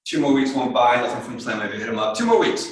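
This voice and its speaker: Man, lecture storytelling, mimics voices, distant, heavy hall echo. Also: very fast. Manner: animated, acts out quoted voices in a higher pitch. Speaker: presenter at an astronomy club talk. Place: community hall talk. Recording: very echoey hall, speaker far from mic.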